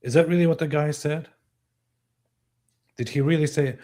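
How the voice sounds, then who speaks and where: A man's voice: a little high, brisk, pauses often, mellow. A man hosting a live commentary stream, talking with sarcasm and disbelief. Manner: sarcastic, incredulous. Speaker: host.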